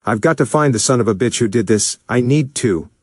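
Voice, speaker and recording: A man's voice: mid-range voice, expressive, fairly quick, no echo, studio quality, voice pushed up, lightly acted. A man voicing a furious young speedster. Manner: shouting, raging, seething.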